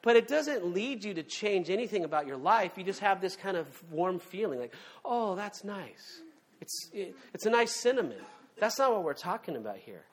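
A man's voice: high-pitched, sing-song, brisk. A man preaching a sermon as a pastor, talking conversationally and emphatically with frequent fillers and asides.

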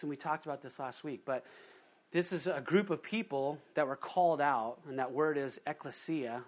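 A man preaching a conversational sermon as pastor, with asides and quick acted quotes. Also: fairly high pitch.

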